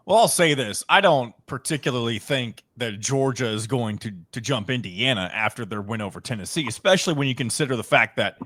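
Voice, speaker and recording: A man hosting a sports talk show, breaking down rankings in a measured, analytical way. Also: medium pitch, expressive, a bit bright, no echo, studio quality.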